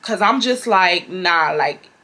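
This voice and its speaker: A woman's voice: lowish voice, animated, slow, sharp tone. A young woman from Houston, telling a story to her viewers in blunt, casual chat. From Houston, Texas. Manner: chatty, blunt, addresses viewers as y'all. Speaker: beauty vlogger telling a work story.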